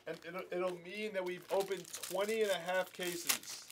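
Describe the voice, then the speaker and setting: A man's voice: high voice, fairly even intonation, normal speed, hardly any pauses. Chatty man calling a card break. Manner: rattles off player names, chatty and teasing. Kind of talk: live card break commentary. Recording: noisy room with crinkling packs.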